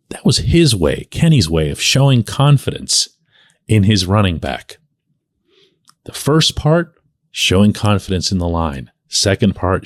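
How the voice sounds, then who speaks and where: Middle-aged guy doing sports commentary, lowish voice that swings all over, dry close sound. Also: no room sound. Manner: animated storyteller, acts out quotes with big pitch jumps. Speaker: sports columnist and show host. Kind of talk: daily sports commentary monologue.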